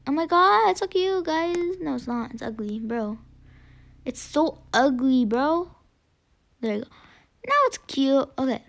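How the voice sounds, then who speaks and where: A woman giving chatty gameplay commentary, excitable, gasping often and dropping into whispered asides. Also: high voice, gravelly. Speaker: gaming video creator.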